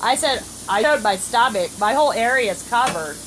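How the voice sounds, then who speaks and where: A woman's voice: on the high side, animated, brisk, noisy background. A middle-aged woman telling a story in casual chat, acting out other people's lines. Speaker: family vlogger. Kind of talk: casual storytelling while playing a phone game.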